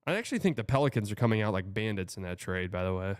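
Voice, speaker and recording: A man's voice: lowish voice, big pitch swings, racing, clean tone, dry recording, studio quality. A young man from Texas hosting a show, reading viewer comments in a loose, rambling, chatty way. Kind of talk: casual livestream chat.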